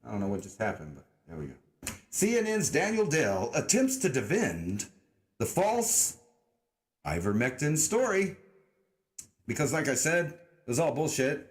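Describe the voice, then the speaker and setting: A man's voice: medium pitch, huge pitch swings, measured pace. Rambling, sarcastic livestream guy. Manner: rambling, sarcastic, swears a lot, mock-redneck drawl. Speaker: livestream host. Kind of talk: casual livestream commentary.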